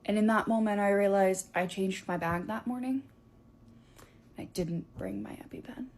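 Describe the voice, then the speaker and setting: Young woman, casual animated storytelling voice, mid pitch. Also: moderate pace, creaky. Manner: animated, chatty, filler-heavy.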